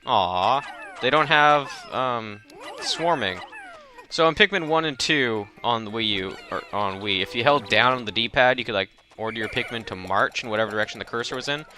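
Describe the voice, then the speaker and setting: A man's voice: mid-range voice, moderate pace, pushed and bright, faint music behind. A man hosting a let's play, giving casual, chatty and self-mocking commentary as he plays.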